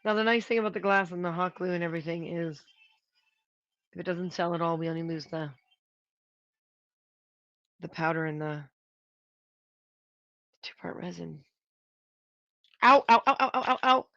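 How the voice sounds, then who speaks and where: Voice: medium pitch, steady tone, moderate pace, creaky, pauses often, a bit bright, no echo, dull audio. A prop maker hosting a casual livestream, rambling and thinking aloud while working and tallying material costs.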